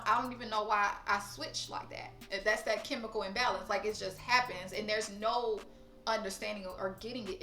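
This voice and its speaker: A woman's voice: fairly high pitch, bright, forceful tone, roomy sound. A woman talking frankly and emotionally in a personal vlog, swearing casually. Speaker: vlogger. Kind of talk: candid personal vlog talk.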